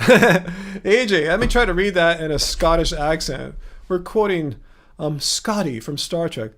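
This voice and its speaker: Male livestream host, high voice, chatty and rambling, reads viewer messages. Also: lively intonation, measured pace, a bit bright. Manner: rambling, chatty, chuckles often while reading chat. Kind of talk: casual livestream chat.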